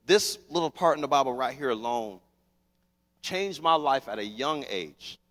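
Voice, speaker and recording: A young man preaching a sermon as pastor, telling stories with lively, acted-out scenes. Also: mid-range voice. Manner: animated storytelling, acts out scenes. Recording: long hall reverb.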